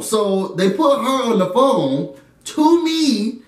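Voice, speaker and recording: A young man telling a story in an animated way, often laughing and acting out his friends. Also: sits high, slow pace. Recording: echoey room, a bit far from the mic.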